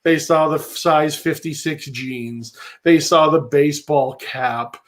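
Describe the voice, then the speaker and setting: Brief: sarcastic male livestream co-host, highish voice, ranting comedic commentary. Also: steady tone, measured pace.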